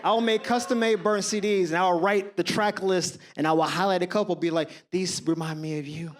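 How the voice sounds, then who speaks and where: This stand-up set comes from a man in his thirties whose voice sits high and runs a little fast. He tells animated stories, impersonating the people involved, and keeps things conversational by talking right to the crowd.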